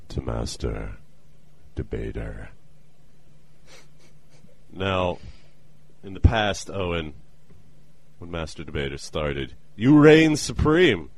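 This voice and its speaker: Brief: low-pitched male podcast host, lively swinging delivery, playful and joking. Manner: playful, jokey, with quick put-on voices. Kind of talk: casual chat. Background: skype call with co-host.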